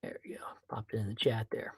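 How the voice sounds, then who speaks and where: A man hosting his own podcast, chatting casually with viewers before he records, then talking in a playful, animated way. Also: fairly low pitch, fast, slightly rough, no echo, in a whisper. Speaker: podcast host. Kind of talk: casual livestream chat and podcast monologue.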